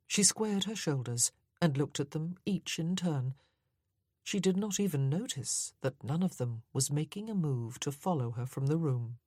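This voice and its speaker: A woman narrating a historical romance audiobook in a measured, unhurried way. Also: low-pitched, expressive, mellow, dry recording, studio quality. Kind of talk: scripted narration.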